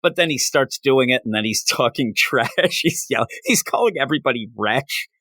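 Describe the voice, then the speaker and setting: A man's voice: mid-range voice, animated, moderate pace, bright, forceful tone, dry recording. A man hosts a casual comic book review chat, retelling the plot with animation and frequent laughs. His voice sits in the middle range. It is recorded dry and close.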